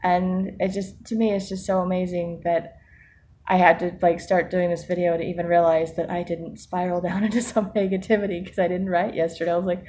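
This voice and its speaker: A woman with a fairly low voice speaks in a casual personal vlog. She sounds reflective and earnest, breaking into light laughs and restarting her thoughts. A faint hiss of background noise sits under her voice. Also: steady tone, fairly quick, warm tone. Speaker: vlogger.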